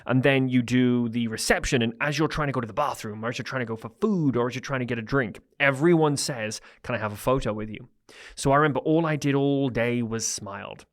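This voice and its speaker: A man's voice: medium pitch, brisk, hardly any pauses. A married man co-hosting a podcast in casual, teasing banter. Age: adult, married. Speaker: podcast co-host. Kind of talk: casual chat.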